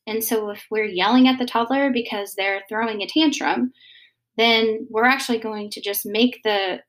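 A woman, in her thirties, talking casually and gently about parenting, with many pauses and fillers. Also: a little high. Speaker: mother giving parenting advice. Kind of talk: casual advice talk.

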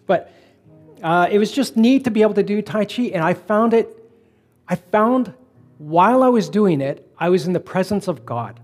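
A middle-aged man preaching a conversational sermon, telling personal stories in a relaxed way and slowing down to stress points. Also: high-pitched, soft background music. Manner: relaxed storytelling, slowing for emphasis. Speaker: pastor.

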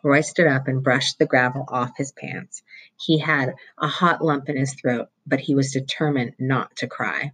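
A teacher reads a novel chapter aloud to students in a steady storytelling way. The voice is husky, with a medium pitch. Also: a little slow, rough recording.

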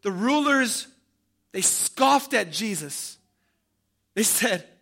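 A man preaching a sermon, dramatic, swinging from loud emphasis to hushed tones and calling his listeners family. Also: high-pitched, expressive, takes it slowly, gravelly, pauses often, husky.

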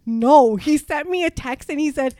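A woman's voice: high-pitched, normal speed, mellow, no echo, studio quality. A young woman chatting casually as a podcast co-host, telling a story with lots of fillers, swearing and laughter. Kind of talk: casual chat.

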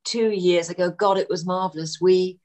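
A woman's voice: lowish voice, moderate pace. A middle-aged actress chatting as a guest, telling an anecdote casually and acting out the voices of people she quotes. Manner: animated, acts out quoted voices, many fillers. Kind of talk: casual storytelling chat.

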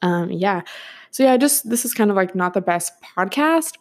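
A woman's voice: medium pitch, expressive, normal speed. A young woman in her twenties hosting a solo podcast, talking casually and rambling with lots of filler words and frequent laughs. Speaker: podcast host.

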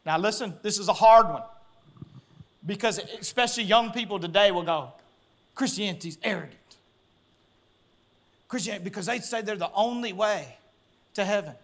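A man preaching a sermon, telling stories that build to loud, excited, laughing peaks. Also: high-pitched, moderate pace, long pauses. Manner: storytelling, gets loud and excited, laughs along. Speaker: pastor.

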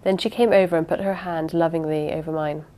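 Woman narrating a mystery novel, lowish voice. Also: fairly even intonation, brisk, dark tone. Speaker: audiobook narrator. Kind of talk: first-person novel reading.

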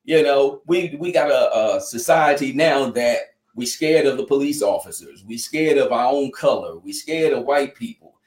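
A medium-pitched, expressive, darkish male voice moves at a moderate pace with few pauses. In an interview in an echoey room, he offers earnest, heartfelt testimony that sounds preacher-like, with many "you know" fillers.

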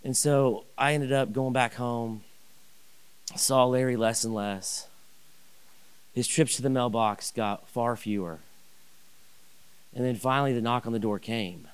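A man telling a personal story in a sermon, animated and rambling, with many restarts and asides. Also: medium pitch, a little slow, pauses often, clean tone. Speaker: pastor.

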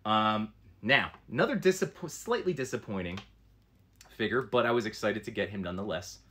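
A man's voice: lowish voice, lively intonation, normal speed, bright, forceful tone. A man doing a casual live stream, showing action figures up close and chatting with viewers in a rambling way, with lots of fillers. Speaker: toy collector streamer.

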